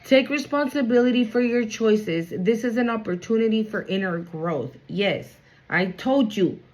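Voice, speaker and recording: A woman's voice: on the high side, a little slow, darkish tone, rough recording. Blunt, chatty woman giving a spiritual reading. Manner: blunt, chatty, swears freely. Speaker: spiritual card reader. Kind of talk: casual spiritual reading to camera.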